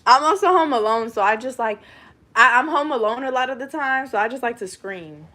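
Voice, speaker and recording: A young woman chats loudly on a live stream from her home kitchen, rambling and swearing freely. Her voice sits a little high. A faint hiss runs under the recording. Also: brisk. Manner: loud, swearing, animated rambling. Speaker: livestreamer. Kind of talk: casual live stream chat.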